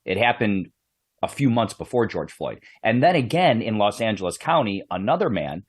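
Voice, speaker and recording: A man hosts a podcast interview and tells a story in an animated, conversational way, repeating words as he goes. His voice is low and husky, and his pitch moves around a lot. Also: normal speed. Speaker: podcast host, police background.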